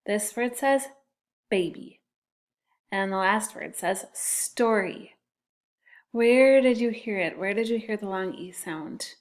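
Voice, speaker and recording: A woman teaching a phonics lesson to young children, patiently sounding out and spelling words. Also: mid-range voice. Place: classroom.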